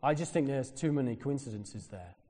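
With a brisk, mid-range voice and long reverb trailing off, a British preacher tells a personal story during his sermon. He plays the people in it, animated whenever he quotes them.

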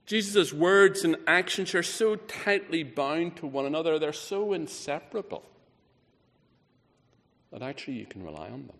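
A man preaching a sermon, emphatic, rising on key words and falling low and quiet at the ends of phrases. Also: lively intonation, moderate pace. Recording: reverberant hall.

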